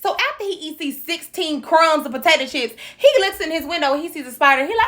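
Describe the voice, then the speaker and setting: A woman tells a movie's story as a comedy recap, sassy and profane, full of slang. Her voice is bright and forceful, and it swings widely in pitch as she talks. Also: expressive, brisk, hardly any pauses. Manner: uses Black American slang.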